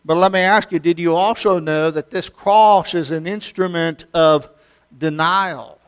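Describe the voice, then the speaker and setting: A pastor preaching a sermon in a church, moving from folksy storytelling to emphatic preaching. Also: male voice, a little high, unhurried, clear, resonant tone.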